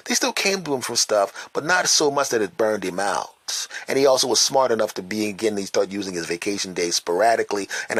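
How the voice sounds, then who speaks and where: Gravelly, bright-voiced man hosting a podcast. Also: mid-range voice, no room sound. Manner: animated, emphatic storyteller who repeats words for effect. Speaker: podcast host. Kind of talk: casual monologue. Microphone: phone.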